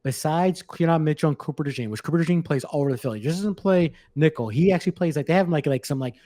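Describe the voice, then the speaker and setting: A man's voice: fairly high pitch, fast talker, warm tone, no room sound. A man co-hosting a sports podcast in casual chat, rambling and blunt, with lots of restarts. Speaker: podcast co-host.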